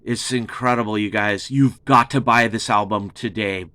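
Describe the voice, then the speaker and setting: A man's voice: fairly low pitch, steady tone, normal speed, sharp tone, no echo. A man hosting a casual album review, gushing and swearing, repeating his praise over and over. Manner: gushing, profane, repeats himself. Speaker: music reviewer, show host.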